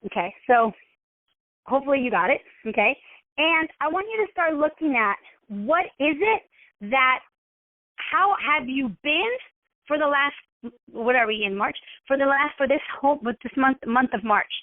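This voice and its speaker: A woman wellness coach giving a motivational coaching talk, constantly checking in with her listeners and acting out scenarios in animated voices. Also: high-pitched, moderate pace, no echo. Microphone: telephone. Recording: tinny phone line.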